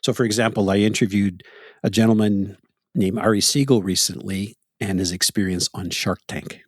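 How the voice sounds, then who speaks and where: Low-voiced Canadian man telling stories. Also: fairly even intonation, moderate pace, dry recording, clean studio sound. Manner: storytelling, chuckles often. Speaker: podcast host. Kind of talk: casual reflective chat.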